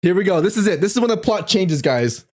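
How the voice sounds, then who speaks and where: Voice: mid-range voice, animated, fast talker, a little mellow. A streamer reading an AI-written story aloud, laughing often and exclaiming in disbelief. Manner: giggly, bursts into laughter often; incredulous, exclaiming. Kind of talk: casual reading aloud with reactions.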